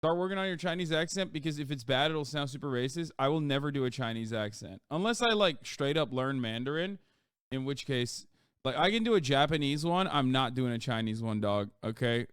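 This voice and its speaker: A man streaming live and chatting casually, rambling and swearing, his pitch leaping up when he gets worked up. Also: lively intonation, brisk, clear, resonant tone, dry recording, clean studio sound. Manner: profane, rambling, with sudden loud jumps in pitch.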